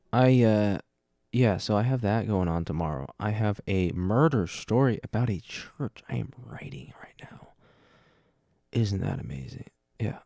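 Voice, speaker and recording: Low-voiced young man rambling casually. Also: gravelly, mellow, no room sound, clean studio sound. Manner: rambling, self-deprecating, jokey asides. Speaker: podcast host. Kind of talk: solo casual chat. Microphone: dynamic microphone up close.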